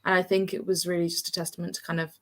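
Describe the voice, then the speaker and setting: A woman's voice: on the low side, little pitch movement, rapid-fire, fairly bright tone. A young woman, a student quiz contestant, talking thoughtfully in casual chat with lots of "kind of" fillers. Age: young adult.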